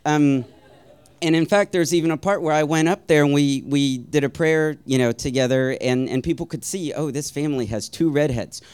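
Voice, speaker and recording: A man telling a personal story in a wry, self-deprecating way, rambling a little with ums and uhs and soft chuckles. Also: a little high, normal speed, clear, resonant tone.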